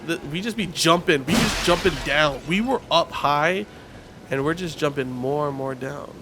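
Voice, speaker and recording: A man giving casual live commentary while streaming a game, talking to his chat in an excitable, rambling, slangy way. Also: on the high side. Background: game music.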